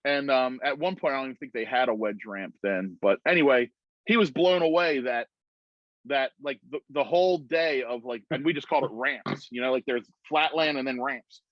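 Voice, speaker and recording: A man on a video call, telling a story in a rambling, animated way full of "like"s. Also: medium pitch, moderate pace, no room sound. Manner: rambling, animated retelling with many "like"s. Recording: muffled video-call audio.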